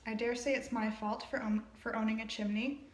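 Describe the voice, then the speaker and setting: A woman's voice: fairly high pitch, little pitch movement, brisk, lightly acted. A woman reading aloud as a stern older witch who is a headmistress, in a dry, wry manner. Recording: roomy echo.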